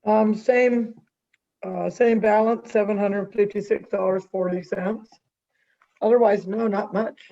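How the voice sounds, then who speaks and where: A man's voice: high-pitched, fairly even intonation, unhurried, vocal fry, dark tone, highs cut off. A man giving a hesitant, apologetic finance report in a meeting.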